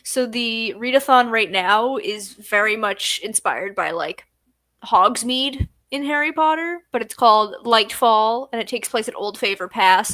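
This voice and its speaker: A drowsy young woman chats slowly and unhurriedly with her stream viewers late at night. Her voice is high and bright, heard close and dry with no room sound. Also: no echo. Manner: sleepy, yawning, chatty. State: tired. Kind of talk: casual livestream chat.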